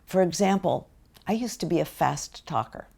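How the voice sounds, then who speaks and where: An older American woman lectures parents in a slow, deliberate way, sometimes acting out what parents say. Her voice sits low and carries a gravelly edge. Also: expressive, a little mellow. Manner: slow deliberate delivery with acted-out parent quotes. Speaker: parenting educator.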